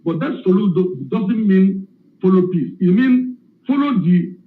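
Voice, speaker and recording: An emotional man calling in, explaining slowly and emphatically. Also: high voice, lively intonation. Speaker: caller. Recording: echoey phone line.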